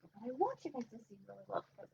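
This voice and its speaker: Animated woman reading to kids. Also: on the high side, very fast, gravelly, husky, muffled recording. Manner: animated, expressive, talking directly to kids. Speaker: children's librarian. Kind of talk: children's storytime reading aloud.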